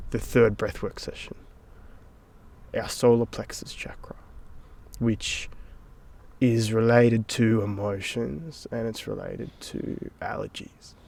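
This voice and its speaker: Animated man telling a story casually. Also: fairly low pitch, creaky, a little hiss or hum. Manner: animated, swears casually, drops into whispers for inner thoughts. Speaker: podcast guest.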